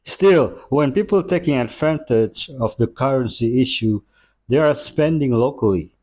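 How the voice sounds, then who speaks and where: A man hosts a reaction video. He adds short, thoughtful comments in slightly phrasing. His voice sits at an ordinary middle pitch. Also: lively intonation, moderate pace, darkish tone. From Indonesia. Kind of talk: casual spoken reaction commentary.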